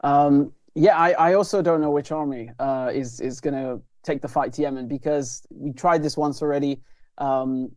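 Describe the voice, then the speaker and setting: A man's voice: fairly high pitch, steady tone, moderate pace, a little mellow, no room sound. A man answering as a guest journalist, speaking earnestly with frequent fillers and restarts. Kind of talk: interview answer.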